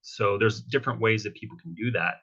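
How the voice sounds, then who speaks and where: Speaking briskly in a lowish, pushed, bright voice, a workshop guest speaker delivers a casual motivational talk. He peppers it with tag questions such as "right?" and "okay?", captured in dull, lo-fi audio.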